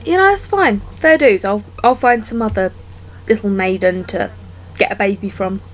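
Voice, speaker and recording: A woman's voice: medium pitch, normal speed, natural voice, rough recording. A woman voicing a male imp who shrugs off his loss in an offhand way. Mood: resigned.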